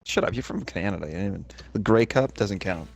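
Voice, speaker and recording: A man with a fairly low voice sits in on a casual podcast. He teases the hosts and drops quick wisecracks. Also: expressive, vocal fry. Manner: wisecracking, teasing. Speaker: podcast guest.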